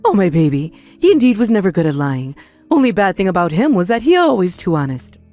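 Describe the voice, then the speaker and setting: Woman acting as older scheming mother-in-law, shrill, pitch leaping all over, faint music behind. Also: very animated, fairly quick, mellow, close to an everyday voice. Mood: pleading. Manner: indignant, wildly swinging shrill pitch. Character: scheming older woman, doting on her son, never takes blame.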